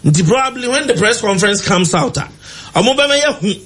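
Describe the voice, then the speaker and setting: A man's voice: sits high, expressive, fairly quick, a bit bright. A man with a Ghanaian accent arguing emphatically as a political commentator on a talk show. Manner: emphatic, argumentative, mixing languages.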